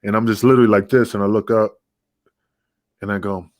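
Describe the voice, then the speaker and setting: A man's voice: on the low side, fairly quick, no room sound, clean studio sound. A middle-aged man, a podcast guest, telling a story casually with heavy swearing, acting out the dialogue as he goes. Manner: profane, animated, acts out dialogue.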